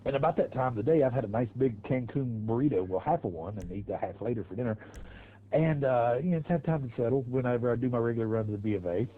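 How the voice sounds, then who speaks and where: A man's voice: mid-range voice, fast talker, phone-quality sound. A man streaming a racing game, telling crude stories in a rambling, laughing way. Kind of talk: casual storytelling while gaming.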